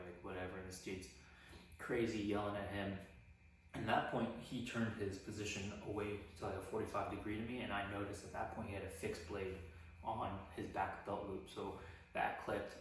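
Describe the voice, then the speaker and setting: A man casually recounting a personal story in a relaxed, rambling way, full of "like" fillers. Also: fairly low pitch, moderate pace, far from the mic, a little hiss or hum. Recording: echoey room, voice off mic.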